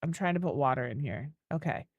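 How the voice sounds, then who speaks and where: A woman's voice: low-pitched, expressive, a little fast, vocal fry, darkish tone, slightly rough, dry recording, muffled recording. A woman giving casual gameplay commentary, thinking aloud as she builds and cooing baby talk at an animal. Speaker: gaming video creator.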